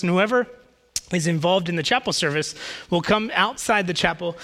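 A male pastor preaching in a relaxed, joking, conversational manner. His voice sits high and sounds bright and lively in tone. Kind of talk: sermon.

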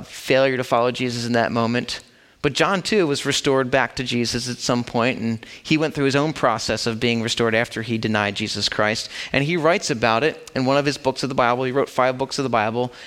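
A man's voice: medium pitch, a bit bright, clean tone. A man preaching a sermon in a casual, conversational way, acting out the story as he tells it. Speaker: pastor.

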